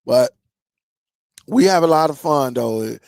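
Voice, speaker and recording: A man's voice: fairly high pitch, expressive, slow, vocal fry, darkish tone, no room sound, clean studio sound. A man hosting a streaming tech channel, chatting loosely with his viewers in a rambling way and laughing often. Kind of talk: casual livestream chat with viewers.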